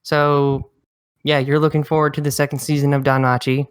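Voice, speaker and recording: Male podcast host, smooth clear voice, quick and blunt, wry asides. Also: fairly high pitch, flat delivery. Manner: quick, blunt and wry, reads titles aloud. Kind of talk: casual podcast chat.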